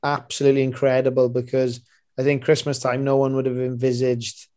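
A man's voice: mid-range voice, monotone, brisk, a little mellow. A man from Britain co-hosting a podcast, trading laid-back, teasing banter. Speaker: podcast co-host. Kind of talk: casual pub chat.

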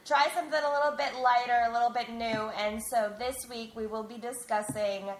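A high-voiced woman co-hosts a podcast in casual, laughing banter with friends. The room gives her voice a noticeable echo. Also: steady tone, brisk. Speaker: podcast co-host. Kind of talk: casual chat.

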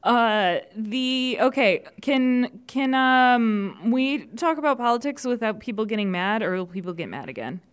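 A woman's voice: fairly high pitch, lively intonation, a little slow, few pauses, clean tone. A woman co-hosting a podcast, talking hesitantly and giggly in a casual chat. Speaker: podcast co-host.

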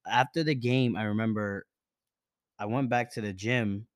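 A man's voice: fairly low pitch, fairly even intonation, moderate pace, clean tone, dry recording, studio quality. A young man hosting a podcast, telling a story in casual chat with plenty of slang and swearing. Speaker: podcast host.

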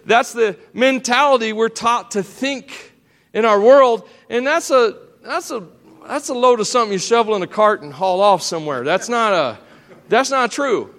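Speaking at normal speed in a very high-pitched, slightly bright voice with lively intonation, a middle-aged pastor jokes folksily through his sermon, addressing the congregation and kids directly. His voice cracks a bit, and the sanctuary lends a big-room sound.

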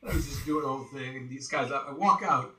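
A man being interviewed as a voice actor, telling stories in an animated way and slipping into quick impressions. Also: medium pitch. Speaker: voice actor guest. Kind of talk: casual interview chat. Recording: roomy, distant from the mic.

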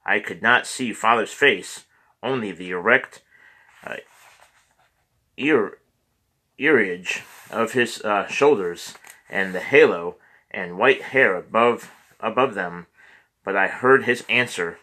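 A man narrating a memoir audiobook in a measured way, with occasional stumbles and restarts. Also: on the low side, pushed and bright.

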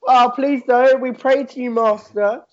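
A man's voice: very high-pitched, fairly even intonation, a little slow, darkish tone, voice pushed up. A man voicing a terrified crowd of villagers who squeal in overacted fear. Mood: panicked. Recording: dull lo-fi audio.

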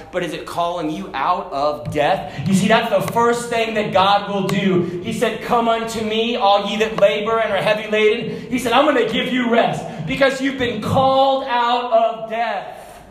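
A man preaching a sermon, moving between shouted passages and quiet, conversational asides. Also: sits high, echoey room, slight background noise. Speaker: pastor.

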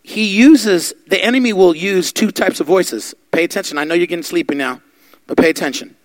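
A man preaching a sermon, fervent and building to loud exhortation. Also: high-pitched, a little fast, no echo.

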